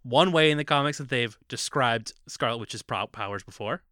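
A man's voice: mid-range voice, moderate pace, pushed and bright, dry recording, studio quality. A man co-hosting a podcast, recapping a TV episode in casual chat, playful and riffing with jokes and quoted lines. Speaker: podcast co-host.

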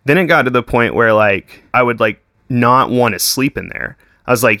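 A man's voice: medium pitch, moderate pace, bright, forceful tone, no room sound, studio quality. A young man, chatting casually as a podcast guest, full of swearing, "like" and "dude". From Texas. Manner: swears constantly, says "like" and "dude" a lot. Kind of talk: casual chat.

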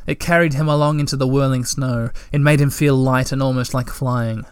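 A man narrating a storybook at a measured, gentle pace. His voice sits at a middle pitch, recorded close and dry with no room sound. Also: fairly even intonation, clean tone, no echo. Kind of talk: audiobook narration.

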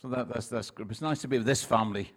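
A man's voice: mid-range voice, fast talker. Chatty Scottish preacher in his sixties. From Scotland. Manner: chatty, self-deprecating, with frequent laughs and restarts. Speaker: pastor. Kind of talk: sermon with humorous anecdotes.

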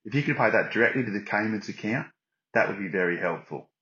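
A surf writer sending a voice message, talking in a put-on Australian accent with tongue-in-cheek boasting. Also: male voice, lowish voice, expressive, fast talker, pushed and bright. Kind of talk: recorded voice message. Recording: lo-fi voice note.

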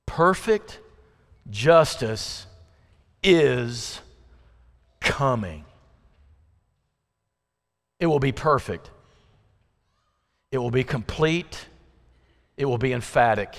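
A male preacher delivering an impassioned sermon, swinging from pleading questions to slow, low emphasis. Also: animated, creaky, a bit bright. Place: church sanctuary. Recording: long reverb of a church hall.

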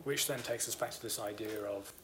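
A man's voice: fairly low pitch, brisk, a bit bright, a little hiss or hum. A man co-hosting a casual podcast about books, explaining his ideas at length with eager enthusiasm. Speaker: podcast co-host.

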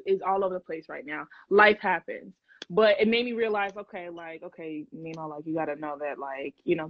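A young woman hosts a livestream, chatting with viewers in a casual, animated, slangy way and laughing often. Her voice is medium-pitched, and the recording is dull, lo-fi, and dry with no room sound.

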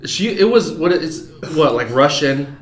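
A man's voice: on the high side, unhurried, crowd noise. A man hosting a casual chat, laughing often and swearing freely as he talks. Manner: laughing, profane, animated. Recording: roomy echo.

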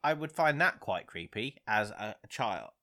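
A man's voice: on the low side, big pitch swings, moderate pace, sharp tone. A man co-hosting a casual podcast chat, reminiscing in a wry way. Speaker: podcast co-host.

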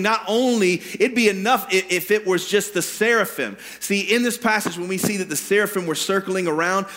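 High-voiced preacher. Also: male voice. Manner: dramatic, swings from booming shouts to hushed low asides. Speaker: pastor. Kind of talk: sermon. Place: church sanctuary.

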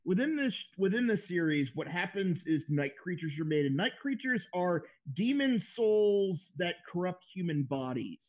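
Rambling man with a slightly high voice. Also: sing-song, moderate pace, hardly any pauses. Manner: rambling, many fillers, explains at length. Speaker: podcast co-host. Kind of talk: casual chat.

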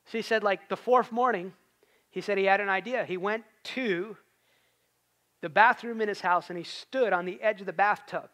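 A man's voice: high-pitched, normal speed, pushed and bright. A man preaching a sermon in a conversational way, rising to emphatic peaks.

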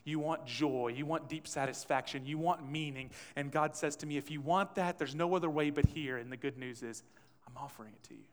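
Animated male pastor in a reverberant church. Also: fairly high pitch, brisk. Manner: conversational, animated preaching with acted-out quotes. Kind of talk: sermon. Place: church sanctuary. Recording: long church hall reverb.

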